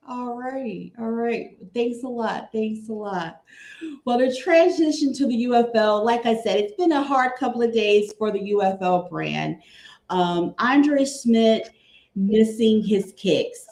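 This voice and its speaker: Slow-talking woman from Cleveland, echoey room. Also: a little high, expressive, a little mellow. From Cleveland, Ohio. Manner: chatty, repeats phrases, fan enthusiasm. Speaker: guest. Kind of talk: casual sports chat.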